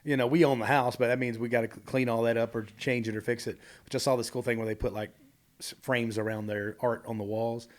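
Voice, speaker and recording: A man guest on a podcast, telling candid stories from his life in a rambling, animated way with many asides. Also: mid-range voice, fast. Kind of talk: candid storytelling conversation.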